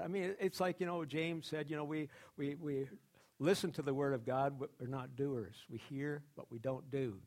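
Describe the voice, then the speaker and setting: A man preaching a sermon as pastor, rambling with many restarts and fillers, and acting out quoted people in a higher, louder voice. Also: fairly even intonation, a little fast.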